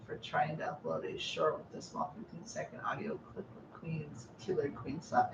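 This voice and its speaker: A woman's voice: low voice, wildly swooping pitch, moderate pace, creaky, few pauses, slight background noise. Woman with a Midwestern accent and a bit of Texas drawl, rambling and playful, in a roomy, dull recording. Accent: Midwestern with a touch of Texan. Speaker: co-host of a live stream. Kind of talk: casual chat.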